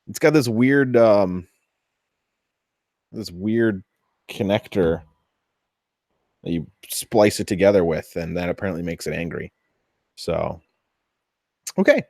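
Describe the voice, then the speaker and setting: Slow-talking man in a workshop vlog. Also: medium pitch, no echo, studio quality. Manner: chatty, thinking aloud, easily excited. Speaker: 3D printing hobbyist host. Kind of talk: casual workshop build vlog.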